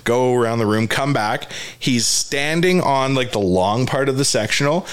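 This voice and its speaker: A man's voice: mid-range voice, animated, normal speed, clear, resonant tone. Man, podcast co-host, casual chat, jokey storyteller, acts out quotes.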